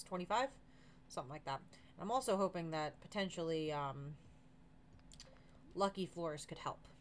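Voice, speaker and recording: A woman's voice: sits low, fairly bright tone, a little hiss or hum. A woman streamer giving casual, chatty commentary while playing a farming game, often talking to the characters.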